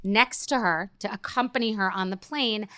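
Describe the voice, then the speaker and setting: Speaking at normal speed with a medium pitch and sharp tone, a middle-aged woman hosts a casual podcast chat, rambling through a story and acting out quotes. The sound is clean studio audio with no echo.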